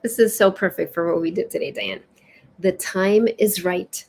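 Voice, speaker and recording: A woman hosts a live spiritual session in a relaxed, chatty way. She reads oracle cards aloud with an expressive, lilting delivery. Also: fairly low pitch, moderate pace. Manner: warm, chatty, lilting and expressive, with soft laughs. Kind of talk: casual live-stream chat and oracle card reading.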